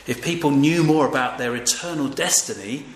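At a normal speed and in a mid-range voice, an older preacher keeps his sermon casual, using fillers and frequently prompting listeners for a response. The sound is echoey, with faint ambient noise.

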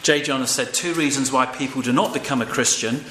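An older man preaches a sermon in a relaxed, conversational way, often turning to his listeners with questions. His voice sits at a middle pitch. The room around him is echoey, with a faint hum of background ambience. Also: brisk. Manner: conversational, with fillers and audience prompts.

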